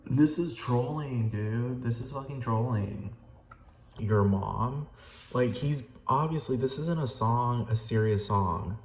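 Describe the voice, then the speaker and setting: A man's voice: mid-range voice, slow. A man giving ranting reaction commentary in a profane, exasperated way. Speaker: vlogger. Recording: roomy echo, faint background noise.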